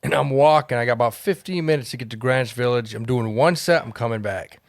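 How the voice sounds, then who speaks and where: Brief: male comic, gravelly voice, dry close sound, rambling storyteller. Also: mid-range voice, fast, no echo. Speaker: comedian, podcast co-host. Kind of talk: casual storytelling chat.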